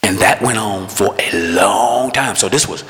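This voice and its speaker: A man preaching with a bright, forceful tone, talking conversationally and acting out the voices of people he quotes. His voice rings with a long reverb from a large hall. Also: fairly low pitch, a little slow, slight background noise. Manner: conversational, animated, acts out quotes. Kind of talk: sermon with personal testimony.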